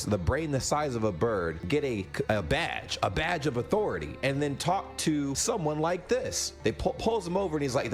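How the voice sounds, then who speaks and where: Man, reaction video host, lively swooping pitch, faint music behind, exaggerated and incredulous. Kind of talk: casual reaction commentary.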